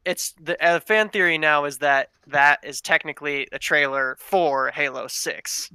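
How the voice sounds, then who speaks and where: A man's voice: on the high side, unhurried, sharp tone, smooth, dry recording. A man on a casual gaming podcast, an enthusiastic fan who talks with many fillers. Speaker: podcast co-host.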